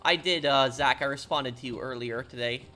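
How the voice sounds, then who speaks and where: A man's voice: mid-range voice, normal speed, pushed and bright, faint music behind. A man streaming a game, chatting casually and answering chat questions, with frequent fillers and restarts. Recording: noisy game audio underneath.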